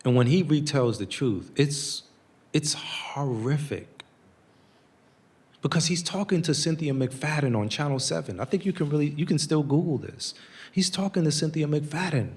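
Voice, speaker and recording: A man's voice: a little high, expressive, a little fast, darkish tone. A man in his forties from the United States, speaking as a guest in an earnest, storytelling way at a public talk. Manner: earnest, storytelling, acts out quotes.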